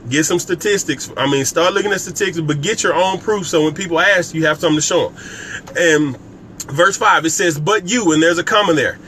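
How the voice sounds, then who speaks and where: A man's voice: fairly high pitch, a little fast, sharp tone, a little hiss or hum. A man hosting a motivational live stream on business and scripture, speaking emphatically, repeating key phrases and addressing viewers by name. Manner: talks directly to viewers by name. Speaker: network marketing coach hosting a live stream.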